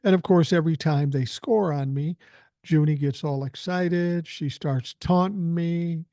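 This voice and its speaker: Chatty older guy hosting his podcast, rambly, lots of ums, voice a little high, close dry sound. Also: unhurried, warm tone, no echo. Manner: rambling, chatty, with filler words. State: feeling unwell. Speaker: podcast host. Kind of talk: casual storytelling.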